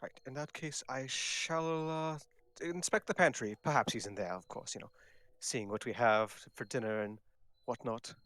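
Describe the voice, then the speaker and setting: A man playing his character in a tabletop game over a voice call, speaking in a hesitant, mock-formal way full of pauses. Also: mid-range voice, steady tone, fairly bright tone, no echo. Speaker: player voicing his character. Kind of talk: in-character tabletop role-play.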